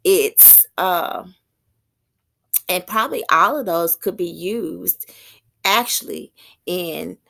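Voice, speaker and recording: A woman teaching poetic meter in an informal spiritual talk, thinking aloud, slowing down to read terms and stumbling over unfamiliar words. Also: on the low side, vocal fry, fairly bright tone.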